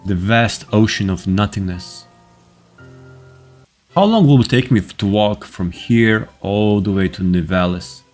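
A man giving casual commentary over his own gameplay, excitable and swearing at enemies. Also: on the low side, a little slow, faint music behind. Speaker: gaming video host.

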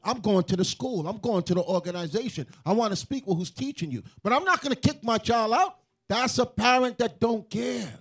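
A man with a very high voice preaches to a room, hammering each point and often breaking into loud, forceful calls. His delivery is emphatic and confrontational. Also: expressive, a little fast, slightly rough. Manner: emphatic, rising to shouts. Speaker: teacher in a religious group.

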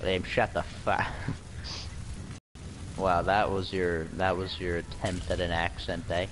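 Deep slow-talking man gamer, crude trash talk, noisy room. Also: level tone. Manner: crude swearing banter, mock-tough taunts. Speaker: online game player. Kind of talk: casual gaming chat. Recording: noisy background.

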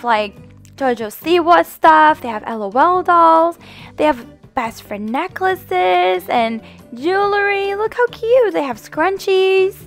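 A woman hosting a family game roleplay as the mom, gentle and motherly in a singsong way. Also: very high voice. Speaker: channel host roleplaying the mom.

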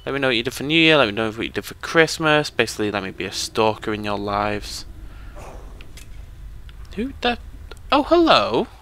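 Speaking quickly with few pauses, this young British man jokes and chats with viewers while commentating live on a game he's playing. His voice sits on the low side, with a sharp, clean tone.

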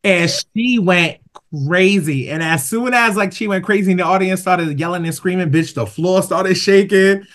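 A woman hosting a podcast, telling stories in casual chat and acting out quotes with big jumps in pitch. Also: moderate pace. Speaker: podcast host.

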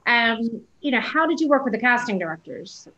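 Woman hosting q&a, bright and bouncy, slightly dull audio. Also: a little high, lively intonation, brisk, slight background noise. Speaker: moderator. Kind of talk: reading audience questions.

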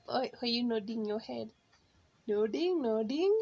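A woman vlogging at home at night, talking softly and dotingly to her baby in baby talk. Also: on the high side, lively intonation, moderate pace, husky, highs cut off, soft background music.

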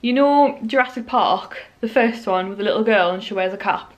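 A woman's voice: mid-range voice, moderate pace, muffled recording. A young woman, talking casually to her camera at home in a rambling, chatty way. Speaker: vlogger. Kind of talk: casual home vlog chat. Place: at home, indoors.

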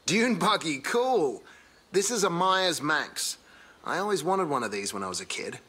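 A man's voice: on the high side, very animated, normal speed, sharp tone, a little hiss or hum. An actor playing an eager male car-hunting sidekick with an Australian accent, an awed and chatty car enthusiast in video game dialogue. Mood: excited.

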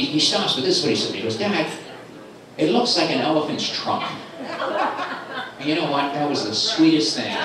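A middle-aged man doing a stand-up set at a comedy club, telling stories animatedly and jumping into high squeaky voices for other people. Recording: live club recording from a distant mic, with an echoey room and crowd noise. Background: audience laughter.

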